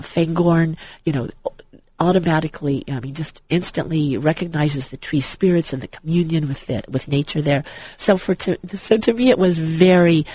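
Husky, rambling enthusiastic man. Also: on the high side, darkish tone, dry recording, poor audio. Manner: rambling, with many restarts and fillers. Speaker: guest. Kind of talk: enthusiastic fan chat.

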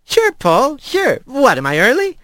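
A man's voice: very high voice, huge pitch swings, measured pace, a bit bright, dry recording, studio quality, voice pushed up, exaggerated voice. A man voicing a shy male rat who speaks in a hesitant, casual way. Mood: awkward. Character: male rat, shy outsider returning to town.

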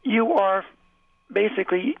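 A man's voice: high-pitched, lively intonation, measured pace, gravelly. Earnest man on a tinny phone line. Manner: earnest, repeats phrases for emphasis. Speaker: author and guest. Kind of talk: motivational interview talk.

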